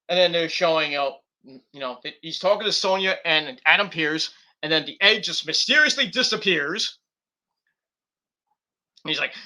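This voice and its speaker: A man on a live stream gives a loose, rambling recap of a wrestling show, full of fillers and restarts. His voice sits high and sounds very bright and sharp. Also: moderate pace.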